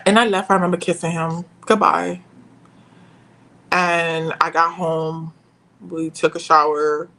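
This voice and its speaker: A young woman telling a painful personal story as a podcast guest, pausing and searching for her words. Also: fairly low pitch, flat delivery, bright, forceful tone, low-quality recording.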